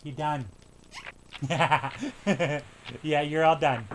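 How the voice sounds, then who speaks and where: A high-pitched, bright young man calling a hockey video game like a fan. He mutters between plays and bursts into shouts on the big saves. A faint hiss of noise sits under his voice. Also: expressive, a little slow. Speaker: let's play host. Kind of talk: excited play-by-play game commentary.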